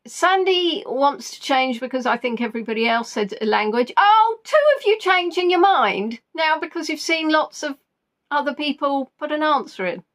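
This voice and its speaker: A woman's voice: high voice, fairly bright tone. A woman hosting a live online quiz, reading out players' answers and teasing them playfully. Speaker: quiz host.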